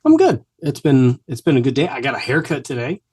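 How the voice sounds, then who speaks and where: A man's voice: medium pitch, fast, a little mellow, husky. A man co-hosting a podcast, joking and bantering playfully. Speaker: podcast co-host. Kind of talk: casual chat.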